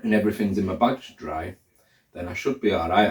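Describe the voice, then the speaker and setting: A deep-voiced man chats casually to camera, rambling and thinking aloud with lots of fillers. He sounds set back from the mic in an echoey room. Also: fairly quick, distant mic. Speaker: hiker vlogger. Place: indoors, room where he is drying socks under a fan.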